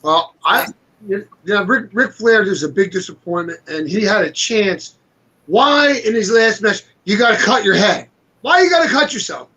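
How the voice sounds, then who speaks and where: Bright high-voiced man, indignant. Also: expressive, moderate pace, poor audio. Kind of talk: casual interview talk.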